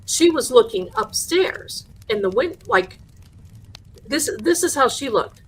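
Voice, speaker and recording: A woman hosting a live show, telling a haunted house story with lively energy and acting out the people in it. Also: on the high side, slow pace, a little hiss or hum. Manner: animated, acts out the people in her story. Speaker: host.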